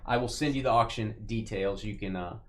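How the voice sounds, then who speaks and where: A man's voice: lowish voice, a little fast, a bit bright. A man hosting a live card break, joking casually and reading off lists of names and teams. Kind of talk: casual live-stream chat while opening cards.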